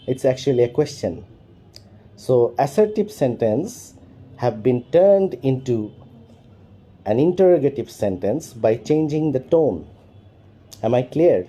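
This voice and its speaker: A man in middle age gives an English lesson in a slow, unhurried delivery. His voice is deep, mellow and dark, sitting at an ordinary pitch. He repeats key points and keeps asking if everything is clear. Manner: repetitive, keeps checking understanding. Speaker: English teacher. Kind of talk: spoken lesson.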